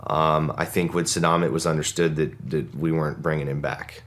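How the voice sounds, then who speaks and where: A man with an extremely deep voice recounts events as an interview guest. He speaks in a measured way, pausing on "uh" and "um". A faint hiss sits under his voice. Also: little pitch movement, a bit bright. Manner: measured, with frequent "uh" and "um". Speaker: interview guest, former special operator. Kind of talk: casual storytelling.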